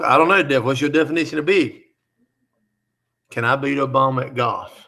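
A man's voice: mid-range voice, normal speed, gravelly, long pauses, pushed and bright. A man hosting a live chat, reading out viewer comments and teasing them in a joking, easygoing way.

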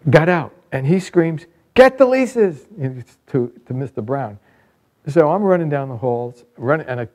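Gravelly older man telling a lively tale. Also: mid-range voice, muffled recording. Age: 60s. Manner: lively, vivid anecdote telling with bursts of excitement. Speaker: author and company founder. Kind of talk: storytelling narration in a book trailer.

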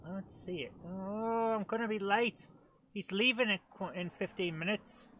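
On his retro gaming channel's live let's-play, a middle-aged host chats away, addresses the game directly and pokes fun at himself. He has a high-pitched, somewhat bright voice at normal speed, with slight background noise.

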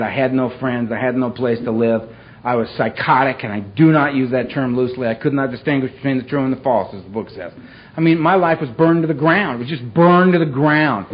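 Before a live audience in a meeting hall, a medium-pitched man tells his personal recovery story in a raw, dramatic way, laced with dark humor. He talks street-casual, peppering his speech with "man" and "you know," and the lo-fi recording sounds dull with a faint hiss.

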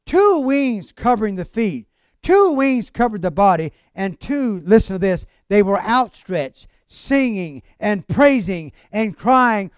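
A male pastor delivers a fervent church sermon, urging his congregation to answer him. His voice sits high and moves animatedly up and down. The sound is close and dry, with no room echo. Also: animated, unhurried, clear, resonant tone. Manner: fervent, calls out to the congregation for amens. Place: church service.

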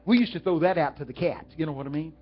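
A Texan man with a fairly high voice and quick pace preaches a storytelling sermon, speaking straight to the crowd in a folksy way and asking them questions. The recording is dull and lo-fi, with faint music behind him.

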